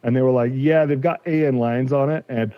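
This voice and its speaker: Man, 40s, mid-pitch, conversational storyteller; dry, slightly muffled recording. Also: steady tone, brisk, no echo. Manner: retells a dispute, acting out quoted exchanges. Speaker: podcast guest, car collector. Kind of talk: casual storytelling. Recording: slightly dull, dry sound.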